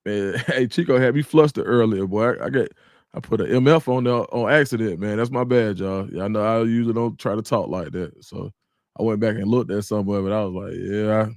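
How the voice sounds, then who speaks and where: A man's voice: fairly low pitch, brisk, a little mellow, no echo, clean studio sound. Laid-back man chatting live on stream. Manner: laid-back, talks straight to viewers, greets chat by name. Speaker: livestream host. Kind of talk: casual livestream chat.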